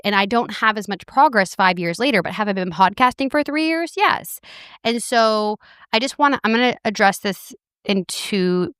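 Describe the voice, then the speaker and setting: A woman's voice: medium pitch, fairly bright tone, no echo, clean studio sound. A woman in her thirties hosting a solo podcast from her couch, talking candidly and self-deprecatingly and swearing freely. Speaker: podcast host. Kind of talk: casual solo podcast monologue. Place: living room couch.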